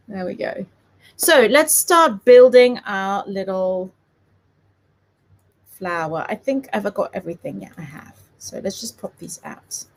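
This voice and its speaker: This papercraft demonstrator, a South African woman with a light accent, runs a live tutorial in a chatty, giggly, self-deprecating way. She speaks a little slowly in a medium-pitched voice with lively intonation.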